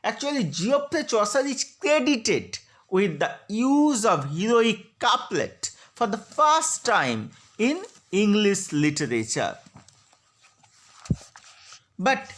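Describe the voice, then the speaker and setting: A woman giving a slide lecture on poetry, slowly spelling out syllables and stresses. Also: mid-range voice, big pitch swings. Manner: slow, deliberate, spelling out syllables. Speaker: literature lecturer.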